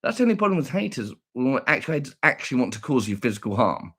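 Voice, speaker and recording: Boastful, husky-voiced man. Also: medium pitch, very animated, fast, a bit bright. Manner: playful, boastful, teasing, sing-song asides. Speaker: livestream vlogger. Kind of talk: casual livestream chat.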